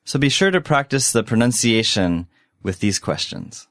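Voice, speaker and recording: Male co-host for an English lesson, lively and expressive, dry close recording. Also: medium pitch, no room sound. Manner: clear, deliberate delivery of example phrases. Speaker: English teacher. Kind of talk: scripted language lesson.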